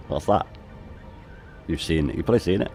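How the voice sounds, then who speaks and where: Male streamer, deep, matey and relaxed, swears casually. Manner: laid-back, sweary and matey, saying "mate" often. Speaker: game streamer. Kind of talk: casual live-stream chat.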